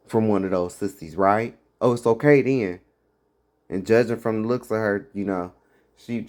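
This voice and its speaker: A man's voice: on the low side, a little mellow. A man giving fiery, blunt commentary on preachers, scornful and mocking. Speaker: religious commentator.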